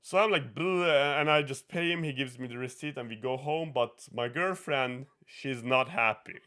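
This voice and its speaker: A young man with a Norwegian accent, hosting a podcast and telling an animated story, swearing and laughing often as he acts out what people said. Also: medium pitch, moderate pace. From Norway. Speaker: podcast host. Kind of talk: casual chat, storytelling.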